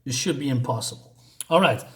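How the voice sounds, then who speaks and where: A man casually reviewing a comic book, rambling and hesitant with lots of fillers. He chuckles now and then between points, and his voice sits at a middle pitch. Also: expressive, brisk.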